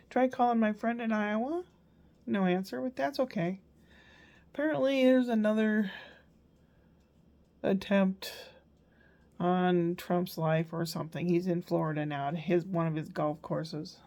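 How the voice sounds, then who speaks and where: A woman's voice: on the low side, dark tone. An older woman, a grandmother, chatting casually through her day in a meandering, storytelling vlog. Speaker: grandmother vlogger. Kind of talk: casual rambling daily recap.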